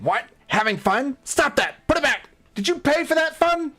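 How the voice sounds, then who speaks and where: A man voicing a gleeful, fussy artificial being in a high, sing-song voice. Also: lively intonation, normal speed, a bit bright, heavily acted. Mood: scolding.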